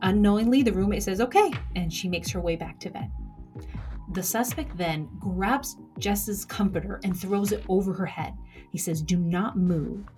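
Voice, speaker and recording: A young woman telling a true crime story from her own life, measured, with dramatic pauses. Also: mid-range voice, warm tone, soft background music. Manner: measured, dramatic pauses, acts out quoted lines.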